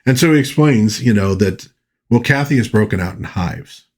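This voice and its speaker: Man, film reviewer, casual chatty narration, lowish voice, husky, retells scenes with quick character impressions. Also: lively intonation, darkish tone. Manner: retells scenes, briefly mimicking characters' lines; loose, chatty, many fillers and restarts.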